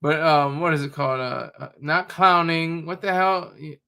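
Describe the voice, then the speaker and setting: A man's voice: on the high side, little pitch movement, moderate pace, creaky, bright, forceful tone, clear, resonant tone. A man giving casual, rambling reaction commentary, often searching for words and sounding sarcastic. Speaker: commentary streamer.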